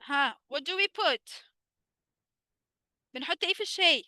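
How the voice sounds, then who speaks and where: A young Egyptian woman teaches English online, mixing Arabic with English and firing questions at her class before answering them herself. Her voice sits high and sounds very bright. The recording is dry and close. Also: fast, dry recording. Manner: animated, asks students rhetorical questions and answers them.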